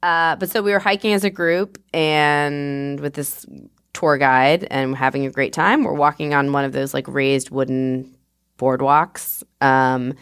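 A woman telling a brisk, animated story in a clip from an earlier podcast episode. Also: low-pitched. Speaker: podcast co-host in an archive clip.

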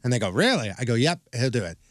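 A man with a St. chats on a radio show and tells stories with energy, throwing himself into every quote. His voice is medium in pitch. It sits close on a dry studio mic with no room sound. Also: fast, no room sound. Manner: animated storyteller, acts out quotes. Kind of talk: casual banter.

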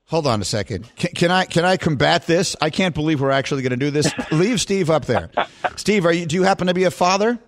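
A man's voice: a little high, animated, quick pace, a little hiss or hum. A man hosting a sports radio show, tired and giddy, laughing and teasing callers.

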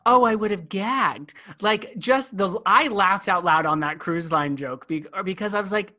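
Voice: medium pitch, bright, forceful tone. A co-host in a casual chat about a musical, enthusiastic and gushing. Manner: enthusiastic, gushing, quick asides. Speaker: podcast co-host.

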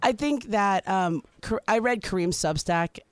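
A woman co-hosting a podcast, talking sports in a chatty, animated way. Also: medium pitch. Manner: chatty, animated, quick asides. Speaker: podcast co-host. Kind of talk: casual sports chat.

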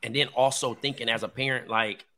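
A man in his thirties with a bright, forceful voice, talking casually on a podcast. He tells a personal story candidly, with loose slang and frequent swearing, at an ordinary middle pitch. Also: fairly even intonation, a little fast. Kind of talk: casual chat.

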